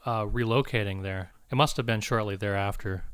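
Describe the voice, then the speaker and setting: A man hosting a radio interview, asking short questions in a soft-spoken way and giving brief acknowledgements. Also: lowish voice, fairly even intonation, brisk, clean tone, no echo.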